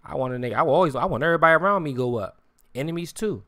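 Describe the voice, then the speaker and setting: A man's voice: on the high side, animated, very fast, fairly bright tone, no room sound, clean studio sound. A man ranting on a live stream in casual street slang, swearing often and repeating "you hear me". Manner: repetitive, keeps saying "you hear me", swears freely; slang-heavy street talk.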